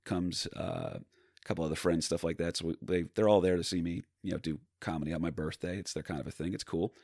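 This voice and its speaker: Low-voiced jersey comic rambling thru stories, lots of uh's and restarts, dry recording. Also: male voice, lively intonation, fast, creaky, a little mellow, no room sound. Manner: rambling, loose storytelling full of fillers and restarts. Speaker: stand-up comedian, podcast guest. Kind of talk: casual storytelling.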